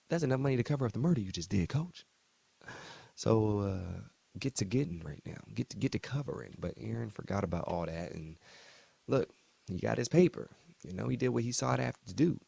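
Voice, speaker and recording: A man's voice: on the low side, creaky, a little mellow, husky, no echo. A man hosting a TV recap channel, chatting casually through the episode with slangy, joking asides. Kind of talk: casual recap and reaction commentary.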